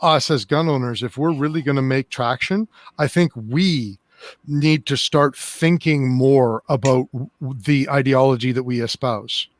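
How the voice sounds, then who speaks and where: A man's voice: medium pitch, unhurried, no room sound. A man co-hosting a podcast, talking earnestly with frequent restarts and easy laughs, wearing earbuds. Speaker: podcast co-host. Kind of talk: casual chat. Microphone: earbud headset.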